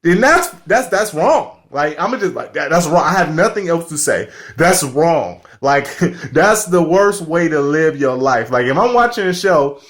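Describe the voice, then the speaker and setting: A man's voice: fairly high pitch, expressive, measured pace, a bit bright. A man vlogging in casual chat, rambling and candid, with constant fillers and frequent profanity. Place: home studio.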